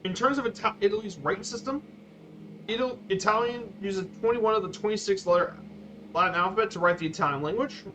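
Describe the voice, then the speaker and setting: A man streaming a flight simulator, giving a casual slideshow talk with halting, repeated words and fillers. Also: high voice, fairly bright tone. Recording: dull lo-fi stream audio with faint noise.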